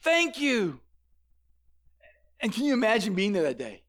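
A man preaching a sermon in an animated, conversational way, often repeating words as he starts a sentence, on a headset microphone. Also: high voice, fast.

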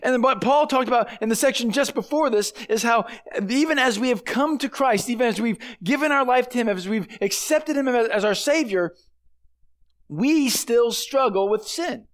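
A high-pitched male pastor delivers a sermon. He keeps it conversational and earnest, and he lands hard on the words he wants to stress. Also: normal speed.

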